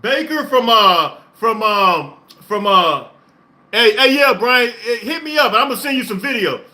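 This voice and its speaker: Socal guy hosting a sports reaction stream, real high voice, hyped and laughing a lot. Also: unhurried. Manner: excited, emphatic, repetitive; laughs often. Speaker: podcast host. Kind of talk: live-stream sports reaction, reading chat.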